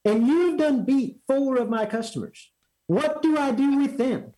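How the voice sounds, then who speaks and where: A man's voice: measured pace, dark tone, a little hiss or hum. A man doing an exasperated old track manager. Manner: scolding, raised high-pitched voice. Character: exasperated older male racetrack manager, scolding.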